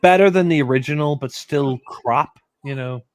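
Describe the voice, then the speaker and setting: A man's voice: fairly high pitch, normal speed, no room sound, faint music behind. A man doing casual film commentary, blunt and offhand, often restarting sentences.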